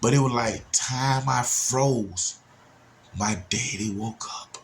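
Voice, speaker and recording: A man tells a story from his youth in a relaxed, conversational way, speaking directly to his audience. His voice sits at a middle pitch and leaps up sharply when he stresses a point. A faint hiss runs under the recording. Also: slow. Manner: animated, swinging pitch widely for emphasis; talks straight to listeners, often with "y'all" and "man". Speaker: storyteller recounting his childhood. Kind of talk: casual spoken storytelling.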